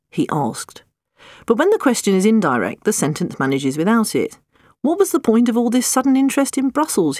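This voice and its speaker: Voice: mid-range voice, dry recording. An audiobook narrator, reading a humorous nonfiction book in a wry, dry comic manner.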